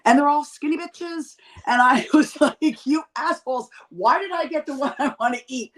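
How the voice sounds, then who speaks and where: A woman in her fifties in candid casual chat, telling blunt, profane stories with lively quoted voices. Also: high voice, moderate pace, hardly any pauses, rough recording. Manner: blunt, profane, animated storyteller. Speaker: podcast guest.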